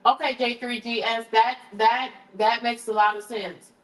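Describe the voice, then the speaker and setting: A woman with a fairly high, fairly evenly intoned voice speaks unhurriedly as she hosts a casual live stream in her home kitchen. She chats with viewers, tastes her food, and shifts to hushed prayer, all through a roomy, distant camera mic.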